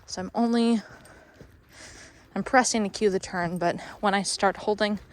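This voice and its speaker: A woman dog trainer walks outdoors with a dog, a little out of breath, explaining her training steps and pausing now and then to praise the dog. Her medium-pitched voice stays steady at a moderate pace in this instructional walk-through.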